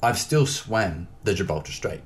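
Deep-voiced man telling a story. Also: normal speed. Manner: lively, acts out dialogue in his stories. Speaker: interview guest. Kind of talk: casual storytelling.

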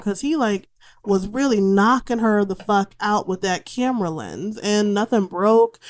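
Young woman host, casual film recap, profane and sarcastic delivery. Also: mid-range voice.

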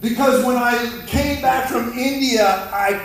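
Fiery high-voiced preacher in an echoey hall. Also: male voice, a little slow. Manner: fiery, exhorting, with repeated calls for response. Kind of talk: sermon. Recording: echoey hall, mic from far off.

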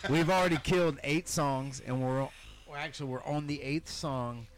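A man, a drummer, telling a story in casual chat, animated and profane, acting out what people said. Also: mid-range voice, normal speed. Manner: animated, profane, acts out quotes.

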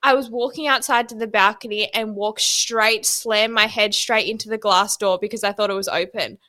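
Giggly bright-voiced woman. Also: mid-range voice, fairly even intonation, normal speed, dry recording. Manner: giggly storyteller, swears casually. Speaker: podcast co-host. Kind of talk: casual chat.

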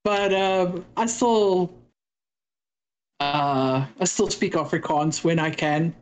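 A woman's voice: on the low side, takes it slowly, low-quality recording. Casting note: South African woman, talkative interview guest who slips into quoted voices. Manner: chatty storyteller, acts out exchanges with quoted voices. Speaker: podcast guest. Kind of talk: casual interview chat.

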